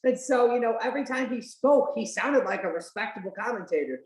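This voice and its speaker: On the high side and a little fast, this woman's animated voice carries her casual podcast watch-along chat. She's the host, sprinkling in lots of "like" and the odd curse word, all with a roomy echo.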